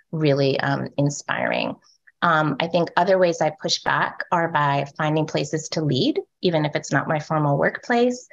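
A panel moderator speaks in a soft, low-set voice, her sentences lifting at the ends like questions. She fills pauses with "um" and often checks in with listeners using "right?" The audio is dull and lo-fi, like a video call.

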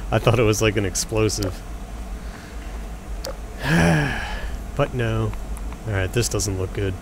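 A man's voice: fairly low pitch, slow, long pauses. A young man giving casual, jokey commentary while playing a video game, chatting at the enemies on screen. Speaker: let's play gamer. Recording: game noise under voice.

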